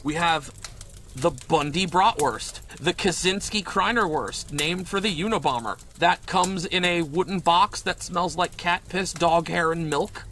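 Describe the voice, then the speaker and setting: A man in a comedic improv interview, the guest chef, telling crude stories in a deadpan way. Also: on the high side, a little slow, a little hiss or hum.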